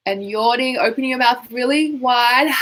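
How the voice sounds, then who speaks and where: A woman guiding a tapping session, calmly giving instructions and phrases for the listener to repeat aloud. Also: a little high, low-quality recording. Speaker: tapping coach.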